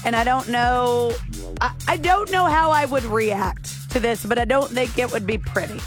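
A woman hosting a radio morning show, telling a story in a lively, teasing way into a studio microphone. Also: fairly high pitch, moderate pace, over music.

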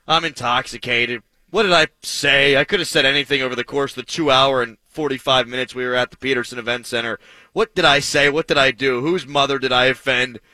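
A man's voice: mid-range voice, fairly even intonation, brisk, bright, forceful tone, no room sound, low-quality recording. A man hosting a sports talk radio show, talking in an emphatic, punchy way with self-mocking asides, on a studio microphone.

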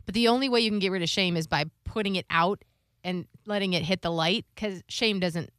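Candid woman sharing stories, bright and dry. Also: mid-range voice, brisk, dry recording. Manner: open, confessional storytelling with lively quoted voices. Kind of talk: candid casual chat.

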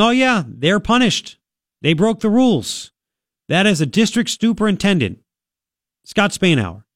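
A man's voice: high voice, no room sound. Male talk radio host, sniffly from a cold, sarcastic asides, close dry studio mic. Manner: sarcastic, chatty, reads news aloud with asides. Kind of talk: casual talk radio commentary. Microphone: studio microphone.

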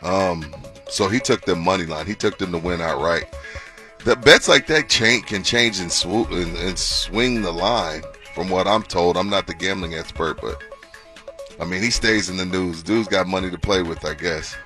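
A man's voice: deep voice, normal speed, sharp tone, soft background music. A man co-hosting a sports radio show, laid-back and slangy in casual chat.

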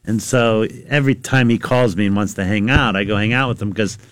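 A man's voice: on the low side, a little fast, dry recording. A middle-aged man, a lawyer co-hosting a radio show, telling rambling, self-deprecating stories in casual banter from a studio.

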